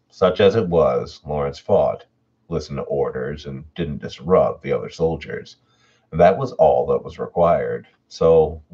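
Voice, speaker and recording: A man reads horror stories aloud on a livestream, chatting casually with viewers between readings. His voice is extremely deep and husky. The recording sounds dull and lo-fi. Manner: relaxed and chatty, reads chat messages aloud. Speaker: horror story narrator and livestream host. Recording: dull lo-fi home audio.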